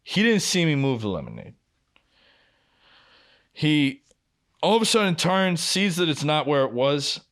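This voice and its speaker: A man's voice: a little high, unhurried, pauses often. A young man co-hosting a podcast, telling a work story in casual chat, swearing a lot and acting out what people said. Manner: profane, animated storyteller who acts out quotes. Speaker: podcast co-host.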